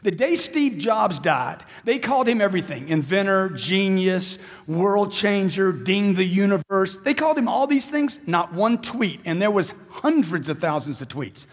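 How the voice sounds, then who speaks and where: A man's voice: sits high, animated, moderate pace, breathy edge, big-room sound. A man giving a live sales seminar speech, intense and emphatic, repeating phrases for punch. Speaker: motivational sales speaker.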